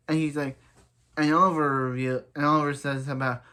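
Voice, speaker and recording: A man's voice: fairly high pitch, steady tone, fast talker, a bit bright. A young man casually reviewing a TV episode, rambling with lots of filler words and sounding exasperated at the characters.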